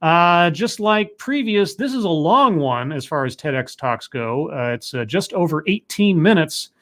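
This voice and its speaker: A man hosting a live stream, chatting casually, joking at his own expense and pausing on lots of fillers. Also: a little high, animated, fairly bright tone. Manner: chatty, self-deprecating, filler-heavy. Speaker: livestream host.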